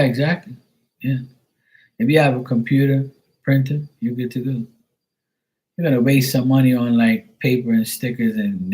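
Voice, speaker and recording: Husky, profane man chatting on a livestream. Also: mid-range voice, a little mellow, poor audio. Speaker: live tarot reader streamer. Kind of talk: casual livestream chat.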